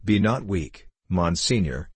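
A man voicing a scheming, commanding bishop who speaks in a measured, insistent, formal way, in a storybook reading. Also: low voice, animated, breathy edge, no room sound, exaggerated voice.

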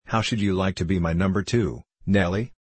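A man's voice: low voice, steady tone, normal speed, husky, no room sound. A man reading the part of a gleeful, cruel grown male dwarf, coaxing in a leering way and then threatening savagely.

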